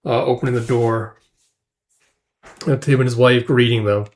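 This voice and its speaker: A man's voice: medium pitch, steady tone, normal speed. A man casually recapping a comic chapter aloud, loosely retelling it with frequent fillers. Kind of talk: casual chapter read-through.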